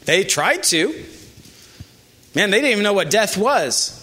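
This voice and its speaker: A male pastor preaching a sermon in an animated, emphatic way with asides to the congregation. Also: sits high, unhurried, breathy edge.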